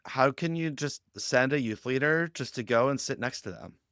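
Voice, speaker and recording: A man speaking as a guest on a podcast interview, explaining ideas with lively anecdotes and acting out quoted lines. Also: medium pitch, normal speed, no room sound, studio quality. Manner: animated storytelling, acts out quoted lines. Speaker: guest on a youth ministry podcast.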